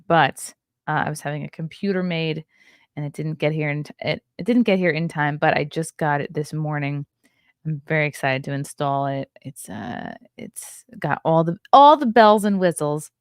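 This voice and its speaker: Tired, low-voiced woman host. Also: no echo, clean studio sound. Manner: chatty, rambling, reads chat aloud. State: tired and yawning. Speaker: podcast host. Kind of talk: casual livestream chat with viewers.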